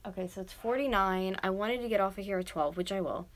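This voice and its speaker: There is slight background noise as a woman with a mid-range voice talks quickly. She is a North American YouTuber in her twenties who casually rambles to viewers while sculpting, sometimes dropping to whispers.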